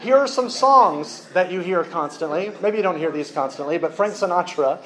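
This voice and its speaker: Man preaching, bit high voice, lively delivery, jokes with the crowd. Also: moderate pace, noisy background. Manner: animated, joking with the congregation. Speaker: pastor. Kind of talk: sermon.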